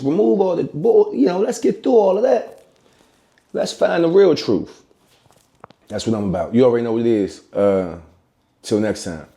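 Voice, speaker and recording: A man hosts his own podcast, rambling in loose, profane street talk. His voice sits a bit high for a man, yet sounds mellow and relaxed. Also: creaky. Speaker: podcast host. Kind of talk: casual solo commentary.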